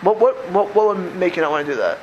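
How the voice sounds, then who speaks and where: High-voiced older man teaching a class. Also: fast, dull audio, slight background noise. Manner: conversational, rhetorical questions, repeats phrases. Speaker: religious teacher. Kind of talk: Torah class lecture.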